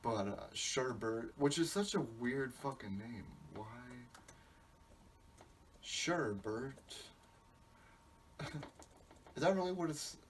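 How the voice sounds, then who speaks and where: A man's voice: mid-range voice, sing-song, a little slow. A male podcast host in a rambling comic monologue, profane and meandering, breaking off his own sentences. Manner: profane, meandering, self-interrupting. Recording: distant mic, faint background hiss.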